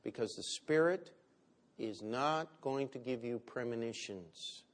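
A man preaching a sermon, with big swings between loud and quiet. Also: mid-range voice, expressive, a little slow. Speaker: pastor.

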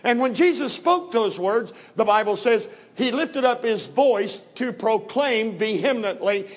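A man preaching a sermon with emphatic delivery, slowing down for weighty phrases and speeding through asides. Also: sits high, animated. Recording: long hall reverb.

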